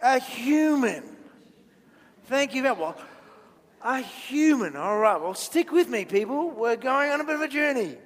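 A man's voice: very high voice, animated, normal speed. A man leading a playful children's talk in church, chatty and jokey, quizzing the audience as he draws. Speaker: minister giving a children's talk. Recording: long church-hall reverb.

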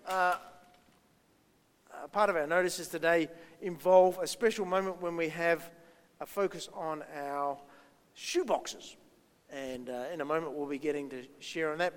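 Chatty pastor in a reverberant hall. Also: male voice, sits high, a bit bright. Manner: chatty, self-deprecating, asks the children questions. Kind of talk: children's talk in a church service.

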